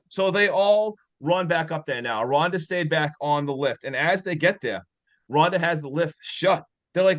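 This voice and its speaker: A man with a slightly high voice recaps a horror film on a casual podcast. He talks in an excitable, animated way and keeps saying "like" as he walks through each scene. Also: normal speed. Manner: excitable, animated retelling with lots of "like". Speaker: podcast co-host. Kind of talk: casual movie review chat.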